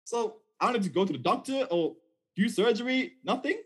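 Husky animated male preacher. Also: sits high, brisk. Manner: conversational, repeats "okay?" often, animated storytelling. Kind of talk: sermon.

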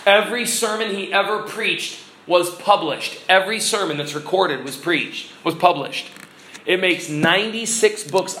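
A male pastor gives an earnest, exhorting sermon in a notably high voice, quizzing his congregation as he goes. The sound is roomy and echoey, as in a church hall, with a faint ambient hum behind him. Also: bright, forceful tone.

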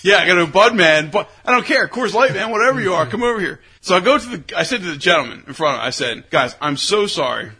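A man co-hosting a casual talk show, telling an animated story and acting out other people's lines loudly. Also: high-pitched, fast, few pauses, slightly rough.

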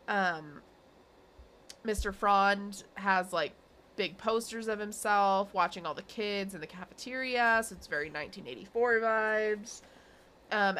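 A woman's voice: medium pitch, bright, forceful tone, slight background noise. A young adult woman co-hosting a podcast, recapping an episode in casual chat with lots of fillers and giggles. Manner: rambling with many fillers and giggles. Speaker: podcast co-host.

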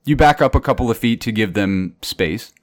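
A man's voice: lowish voice, animated, moderate pace, no echo, studio quality. A man narrating as game master in a tabletop game, describing scenes plainly.

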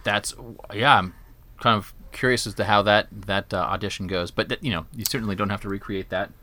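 A man's voice: lowish voice, a little fast, bright, forceful tone. A male podcast host asking brief, curious interview questions.

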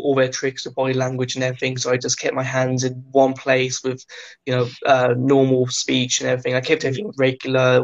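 A man's voice: mid-range voice, creaky, dull audio. A man from the United Kingdom, a guest telling confident, rambling anecdotes in casual conversation. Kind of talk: casual storytelling.

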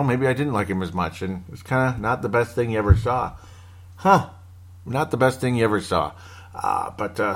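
A man hosting a casual sports podcast on his own, rambling and joking and cutting himself off with little laughs. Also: mid-range voice. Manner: rambling, jokey, self-interrupting with laughs. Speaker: podcast host.

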